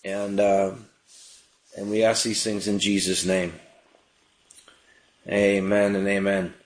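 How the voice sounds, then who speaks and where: A man's voice: sits low, slow pace. Man, radio prayer host, casual and conversational, lots of ums and uhs. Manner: prays and preaches in a relaxed, conversational way with frequent fillers. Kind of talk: live call-in prayer show.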